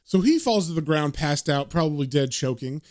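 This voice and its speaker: A man casually retelling a comic book story, animated and relishing the gory scenes. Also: fairly high pitch, moderate pace.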